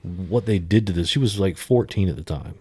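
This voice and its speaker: Deep-voiced profane man on a podcast. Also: a little fast, breathy edge, no echo. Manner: profane, swings from mumbling to loud bursts. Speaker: podcast co-host. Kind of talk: casual podcast chat.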